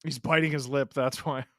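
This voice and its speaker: A man hosting a live hockey watch-along, giving excitable play-by-play reactions and sarcastically heckling the referees. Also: medium pitch, moderate pace, dry recording, clean studio sound.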